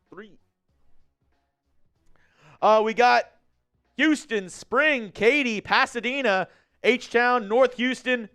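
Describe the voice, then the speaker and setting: A man from Texas hosting a live stream, chatting casually with viewers and calling the game play by play, shouting on big plays. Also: very high-pitched, slow, pauses often, clear, resonant tone, soft background music. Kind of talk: casual live-stream watch-along commentary. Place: studio at company headquarters.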